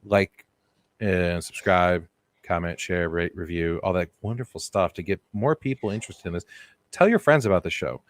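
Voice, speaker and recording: Man, podcast co-host, low voice, dry close sound, joking, teasing. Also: no room sound. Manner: joking, teasing, fast riffing. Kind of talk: casual comedic chat.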